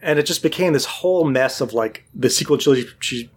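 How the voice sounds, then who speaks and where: A man's voice: mid-range voice, brisk, slightly rough. A man in casual chat, telling a long story and acting out what other people said. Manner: animated storyteller, acts out quotes.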